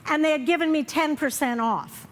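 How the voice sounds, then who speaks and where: High-voiced older comedian woman. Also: slight background noise. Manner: wry, self-mocking, acts out characters in quick asides. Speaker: stand-up comedian. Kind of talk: live stand-up set. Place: comedy festival stage before a live audience.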